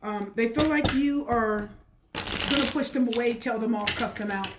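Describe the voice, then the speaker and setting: Higher-pitched chatty woman tarot reader. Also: normal speed, very noisy. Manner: chatty, repetitive, emotional. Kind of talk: casual tarot reading to camera.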